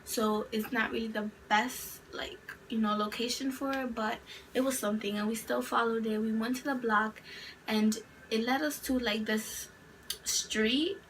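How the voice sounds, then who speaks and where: A woman's voice: on the high side, steady tone, measured pace, a bit bright. Chatty young woman, slightly distant mic. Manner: rambling, chatty retelling with frequent "like" fillers. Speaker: vlogger. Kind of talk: storytime narration. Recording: distant mic with faint background noise.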